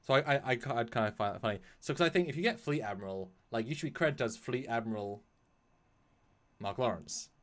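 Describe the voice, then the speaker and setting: A man's voice: mid-range voice, fast talker. A man chatting casually as a guest on a live stream about his fan films, rambling with frequent laughs and restarts. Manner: rambling, animated, laughs often.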